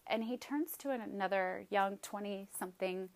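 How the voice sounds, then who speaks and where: A woman's voice: mid-range voice, moderate pace, gravelly. A woman telling a personal story with emphatic, vivid retelling, acting out her own outbursts.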